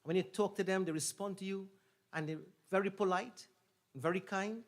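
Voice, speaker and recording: High-voiced man preaching. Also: fairly even intonation. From Trinidad and Tobago. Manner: storytelling, repeats phrases for emphasis, swells louder and slows on key points. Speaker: pundit officiating a yagna. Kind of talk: sermon.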